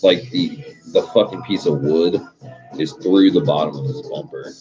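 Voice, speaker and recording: With a bass voice at a moderate pace, a young live streamer relates a loose story full of swearing, punctuated by frequent chuckles. The recording is dull and lo-fi, with faint music behind him.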